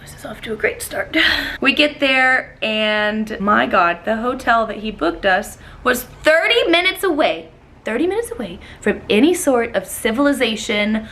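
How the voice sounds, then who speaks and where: High, lively woman telling a story. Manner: animated, profane and exclaiming. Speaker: vlogger telling a dating story. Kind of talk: storytime vlog.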